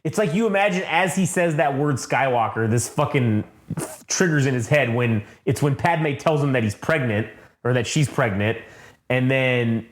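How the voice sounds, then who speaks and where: A man excitedly recaps a comic on a casual review chat, swearing at every turn. He speaks at an ordinary pitch, and the room gives his voice a roomy echo. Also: moderate pace. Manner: excited, swears constantly, acts out quotes in deep voices. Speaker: comic book podcast co-host.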